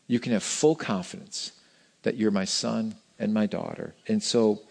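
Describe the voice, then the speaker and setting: A man's voice: on the low side, unhurried, gravelly, slightly rough. A middle-aged man preaching a sermon in a church, talking in a conversational, emphatic way and often restarting his phrases. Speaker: pastor.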